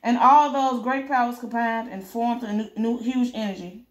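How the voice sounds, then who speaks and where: A woman's voice: fairly high pitch, steady tone, normal speed, reverberant. A woman reading a webcomic aloud, narrating and voicing the sound effects and punctuation. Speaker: comic reader.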